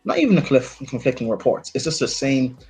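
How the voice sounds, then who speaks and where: A man's voice: mid-range voice, big pitch swings, brisk, a little mellow, breathy edge, faint music behind, poor audio. A man co-hosting a football live stream in casual chat, hesitant, with lots of fillers and restarts. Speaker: football podcast co-host.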